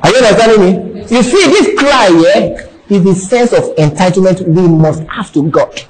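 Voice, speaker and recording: High-voiced Nigerian pastor preaching emphatically. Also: male voice, animated, normal speed, slight background noise, poor audio. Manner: keeps checking in with the congregation; emphatic, repeats key phrases. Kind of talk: sermon. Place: church.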